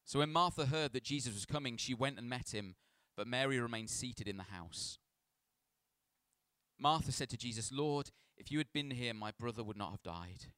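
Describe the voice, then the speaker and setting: A man's voice: mid-range voice, moderate pace, fairly bright tone, clean tone, no echo. A man, a pastor, reads a Bible passage aloud and then preaches in a chatty, self-deprecating storytelling way. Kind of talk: scripture reading and sermon.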